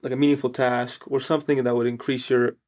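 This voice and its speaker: A man hosts a podcast interview, working through long questions that circle and restart. His voice stays flat and even, with a middle pitch and little rise or fall. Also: quick pace. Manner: rambling, searching questions with fillers. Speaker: podcast host.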